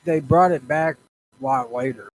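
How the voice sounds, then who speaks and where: A man's voice: medium pitch, normal speed, no room sound, poor audio. A man co-hosting a podcast in casual chat, blunt and grumpy, swearing freely. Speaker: podcast co-host. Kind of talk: casual profane banter.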